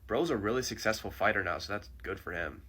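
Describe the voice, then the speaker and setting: A man's voice: lowish voice, fast talker, sharp tone, breathy edge. A young man chatting casually to camera, slangy and joking in easy commentary.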